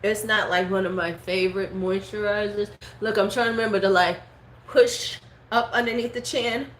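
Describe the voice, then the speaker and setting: A middle-aged woman hosts a casual livestream beauty vlog, speaking frankly and bluntly, laughing often and replying to live chat comments. Her medium-pitched voice is fairly even in intonation and moderate in pace. The roomy home space carries faint background noise.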